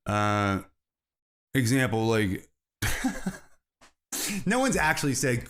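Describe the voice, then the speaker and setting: A man's voice: medium pitch, lively intonation, measured pace, long pauses, a bit bright. A man hosting a solo comedy podcast, rambling from bit to bit and laughing at his own jokes. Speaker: podcast host.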